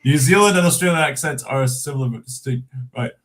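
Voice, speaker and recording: A man's voice: medium pitch, brisk, rough recording. A Scottish man hosting a livestream, reading news aloud in casual chat, chuckling often and stumbling over restarts. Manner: chatty, chuckles often, many fillers and restarts. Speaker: livestream host.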